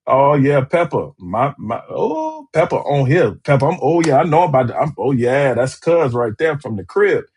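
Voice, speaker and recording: Male relationship host, husky voice, emphatic and repetitive, talks straight to a live audience. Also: mid-range voice, normal speed, few pauses, darkish tone. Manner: emphatic and repetitive, calling out to viewers. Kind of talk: live-streamed talk show.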